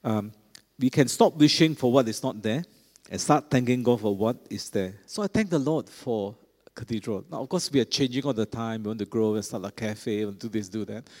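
His medium-pitched, darkish voice moving fairly quickly, a middle-aged pastor preaches to his congregation conversationally and keeps checking in with them. The big church adds a long, lingering reverb.

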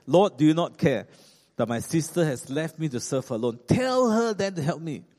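A man's voice: medium pitch, brisk, mellow, in a large hall, close to an everyday voice. A man playing a distraught pleading woman host, raised voice. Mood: agitated pleading.

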